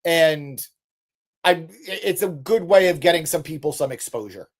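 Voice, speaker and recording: A man with a slightly raised pitch co-hosts a casual live stream. He reads viewer comments aloud and answers them off the cuff, with joking swears. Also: lively intonation, moderate pace. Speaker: podcast co-host reading live chat.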